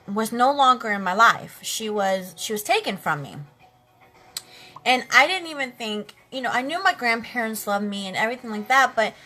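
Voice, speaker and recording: Woman in her late 30s, higher voice with a bright edge, earnest livestream storyteller, faint music behind. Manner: earnest, heartfelt, talks straight to viewers. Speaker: makeup live streamer. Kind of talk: casual personal storytelling on a livestream.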